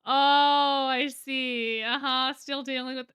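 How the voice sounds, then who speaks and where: A woman streaming a game playthrough, reacting to the story with excited, teasing commentary and laughter. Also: high voice, moderate pace, dry recording.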